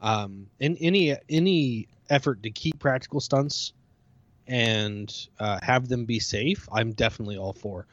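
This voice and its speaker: A man talking as a podcast guest in casual chat, rambling and hesitant, often trailing off quietly. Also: medium pitch, a little slow, no room sound, muffled recording.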